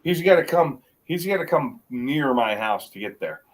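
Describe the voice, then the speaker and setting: A middle-aged man with a mixed American accent, chatting casually as a guest on a livestream and rambling with halting restarts. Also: mid-range voice, expressive, low-quality recording. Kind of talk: casual chat.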